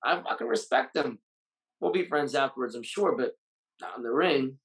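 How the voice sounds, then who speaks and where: A man's voice: medium pitch, normal speed, fairly bright tone, low-quality recording. A Muay Thai fighter and coach, a man, speaking bluntly and with raw emotion in a candid interview, swearing freely. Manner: blunt, heavily profane, openly emotional.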